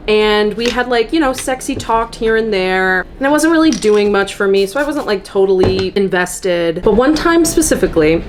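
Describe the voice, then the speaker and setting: A woman's voice: mid-range voice, expressive, moderate pace, few pauses, background noise. A woman in her twenties telling a frank, rambling dating story in casual chat, full of fillers and swearing. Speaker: content creator.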